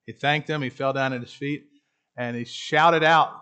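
A man's voice: medium pitch, steady tone, normal speed, sharp tone, clear, resonant tone. A man leading a Bible study class, teaching in a conversational way and asking the group questions. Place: room with a class.

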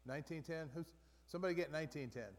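A man with a slightly high voice leads a Bible study, talking casually and often circling back to repeat a point. The sound rings with a long reverb, as in a large hall. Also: fast talker. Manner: conversational, with frequent restarts and repeated phrases.

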